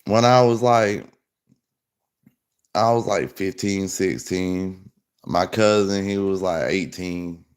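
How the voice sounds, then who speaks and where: A man's voice: low voice, slow, long pauses. A young man casually telling a rambling story, full of fillers. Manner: rambling, loose, lots of fillers. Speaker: podcast host.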